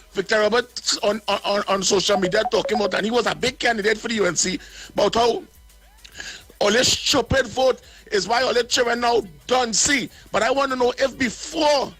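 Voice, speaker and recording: A man's voice: very high-pitched, pushed and bright. A man with a Trinidadian accent giving blunt, indignant political commentary as a caller, often repeating words as he goes.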